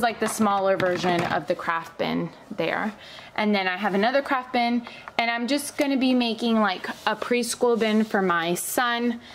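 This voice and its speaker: A young woman chats her way through a room tour at home, sounding a touch out of breath. She fills her sentences with ums and likes and gushes about what she bought. Her voice sits at a middling pitch over a faint hum of room ambience. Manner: chatty, filler-heavy, enthusiastic about products. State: slightly out of breath. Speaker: homeschooling mom vlogger.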